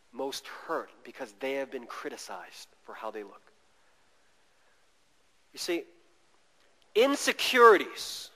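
A man preaching a sermon in an animated way, acting out quoted voices as he tells stories. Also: a little high. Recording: long reverb of a large hall.

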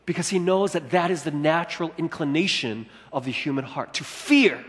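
Male pastor, high lively voice, sermon in a big echoing hall. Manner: animated preaching, acting out quoted lines.

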